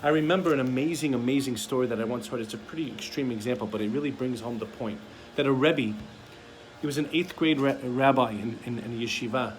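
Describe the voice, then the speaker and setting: A man's voice: medium pitch, fast, a little hiss or hum. A man giving a sermon as a rabbi, telling stories and acting out the voices of parents and children. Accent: Sephardic-community American English.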